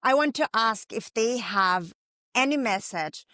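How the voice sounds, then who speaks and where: Woman, podcast host; slightly high voice, dry close recording, casual and brief. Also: animated, measured pace, sharp tone, dry recording. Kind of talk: casual interview.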